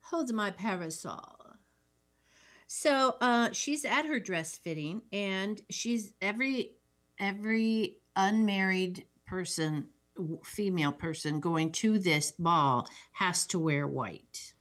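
A woman's voice: medium pitch, takes it slowly, fairly bright tone. Woman co-host walking through a film plot. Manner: narrates plot scene by scene, dry asides. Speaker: podcast co-host. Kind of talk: casual chat recapping a film.

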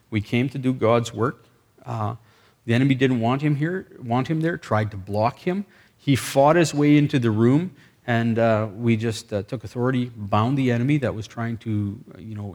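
A male preacher, speaking at an ordinary middle pitch. He tells his sermon stories with animated energy, acting out the dialogue and breaking into excited bursts. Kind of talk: sermon storytelling.

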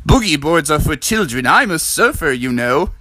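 A man's voice: on the high side, big pitch swings, normal speed, pushed and bright, no room sound, heavily acted. A man voicing a young adventurous frog boy in a bedtime story, speaking in a chirpy, confident way. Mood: cocky.

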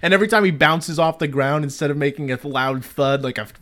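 Swearing dude recapping a cartoon movie, kinda high voice, wry and joking. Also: male voice, quick pace, a bit bright. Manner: profane, wry, jumps into silly voices. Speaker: podcast co-host. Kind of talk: casual movie recap chat.

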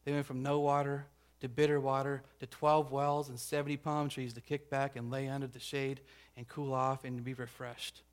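A pastor preaching a conversational sermon, checking in with the congregation and acting out the grumbling crowd. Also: male voice, mid-range voice, level tone, moderate pace, hardly any pauses, clean tone. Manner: acts out grumbling crowd voices.

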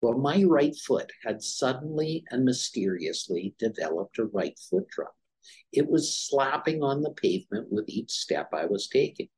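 A man's voice: medium pitch, very animated, unhurried, darkish tone, slightly rough. A middle-aged man, a former dermatologist, telling his story as an interview guest and acting out the dialogue in it. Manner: anecdotal, acts out quoted dialogue.

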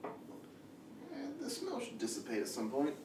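A man co-hosting a comedy podcast, rambling with deadpan asides. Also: mid-range voice, normal speed, roomy sound, slight background noise. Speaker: podcast co-host. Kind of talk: improvised comedy chat.

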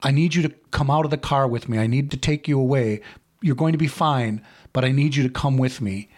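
A man playing a calm police officer. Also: medium pitch, fairly quick, close to an everyday voice. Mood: calm reassurance. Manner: steady, reassuring.

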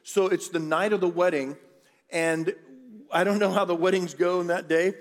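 A middle-aged pastor tells the story in a loose, conversational sermon and drops joking asides to his congregation. His voice sits a little high for a man. It rings through a big church sanctuary with a long reverb tail. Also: steady tone, normal speed. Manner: chatty, jokey asides to the congregation.

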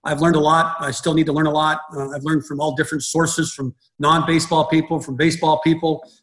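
A man's voice: fairly high pitch, flat delivery, a little fast, fairly bright tone, poor audio. Rambling middle-aged male baseball coach. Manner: rambling, repeats words and restarts often. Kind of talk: conversational interview.

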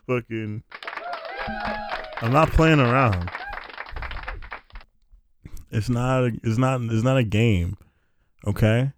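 A man's voice: mid-range voice, takes it slowly, pauses often, slight background noise. A young man hosting a show alone, riffing casually on listener questions with profane jokes and rambling restarts. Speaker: podcast host answering listener questions. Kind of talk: casual comedic monologue.

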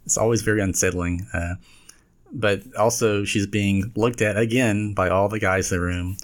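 A man with a fairly low voice chats casually with a co-host. He rambles through his points and laughs often. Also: fairly even intonation, moderate pace. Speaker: podcast co-host. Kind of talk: casual chat.

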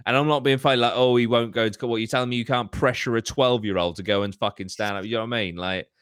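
Man, podcast host, casual storytelling, heavy swearing, low voice, dry sound. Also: fast, clear, resonant tone, no room sound. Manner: heavy swearing, animated ranting.

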